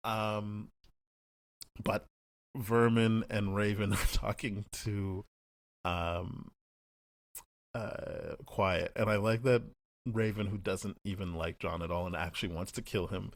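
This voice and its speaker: A man's voice: lowish voice, no room sound. A young man co-hosting a podcast, talking casually and animatedly, often acting out what characters said. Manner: animated, acts out characters' lines in quick paraphrase. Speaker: podcast co-host. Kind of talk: casual chat.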